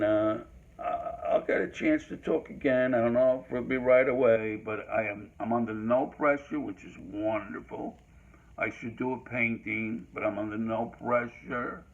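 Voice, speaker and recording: A man's voice: mid-range voice, moderate pace, vocal fry. An older man hosting a history talk, giving a rambling solo monologue full of fillers and restarts. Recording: dull lo-fi recording.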